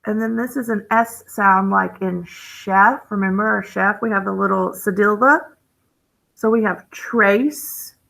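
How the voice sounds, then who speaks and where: A woman teaching phonics to young children at an unhurried pace, her voice bright with a gravelly edge. She thinks aloud as she codes each word and gasps with delight at every new rule. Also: medium pitch, fairly even intonation, poor audio. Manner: thinks aloud while coding words.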